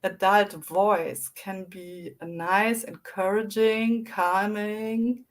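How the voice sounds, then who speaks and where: A woman guest in a casual interview, reflective and animated as she tells her recovery story. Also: medium pitch, extremely slow.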